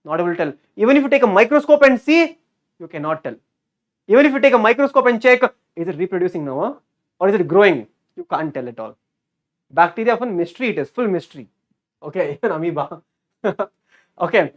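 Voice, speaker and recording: A male teacher giving a lively online exam-prep lecture. He repeats key words and keeps quizzing his students. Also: high voice, fast, pauses often. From India.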